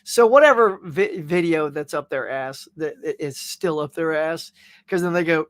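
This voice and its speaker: A man's voice: a little high, normal speed, a bit bright, dry recording. A man hosting a casual pop culture show, chatting and rambling through viewer comments with frequent laughs. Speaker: podcast host reading viewer comments. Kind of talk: casual chat.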